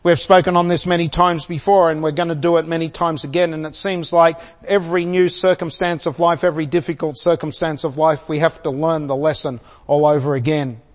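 A man's voice: a little high, little pitch movement, fairly quick, few pauses. Older man preaching in a reverberant hall. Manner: storytelling, chuckling, asking the congregation questions. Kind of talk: sermon.

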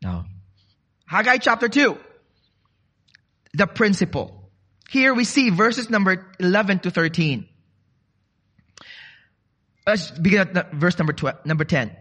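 A man preaching a sermon, from the Philippines, lively and animated as he quizzes the congregation. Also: high-pitched, a little slow, pauses often, slightly rough.

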